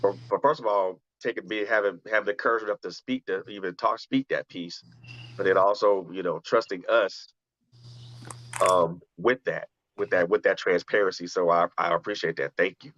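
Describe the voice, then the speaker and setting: A man's voice: low voice, fairly even intonation, normal speed, a bit bright, no echo, lo-fi sound. A man hosting a radio talk show, speaking earnestly and often restarting his phrases as he reflects. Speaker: radio show host and poet. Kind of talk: conversational talk, then spoken-word poetry.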